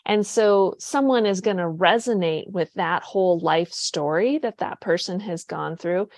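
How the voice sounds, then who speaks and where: A woman's voice: fairly low pitch, unhurried, a little mellow, no echo. A woman hosting a casual interview, talking in an eager, rambling way with frequent restarts. The sound is close and dry, with no room around her. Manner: chatty, enthusiastic, many restarts. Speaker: podcast host.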